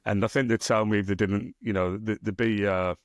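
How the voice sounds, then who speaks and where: A man's voice: lowish voice, flat delivery, brisk, no echo, clean studio sound. A man with a Northern English accent chatting on a podcast, rambling and swearing freely as he teases his co-host. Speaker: podcast co-host and self-published author. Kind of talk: casual podcast chat.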